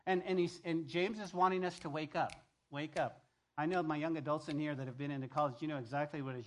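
Animated male pastor preaching. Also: fairly high pitch, quick pace, slight background noise. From New Mexico. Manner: animated, acts out voices, shifts between loud calls and quiet asides. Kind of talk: sermon. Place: church sanctuary.

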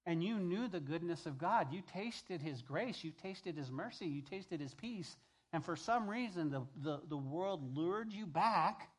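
A male pastor preaching a sermon, emphatic, repeating key phrases and swinging between loud and hushed delivery. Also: on the high side, expressive, measured pace, slightly rough.

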